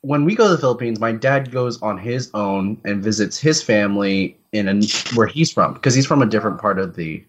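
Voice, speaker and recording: A man's voice: fairly low pitch, expressive, a little fast, hardly any pauses, dull audio. Young man laughing through casual podcast chat. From United States. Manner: storytelling, laughing often. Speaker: podcast co-host.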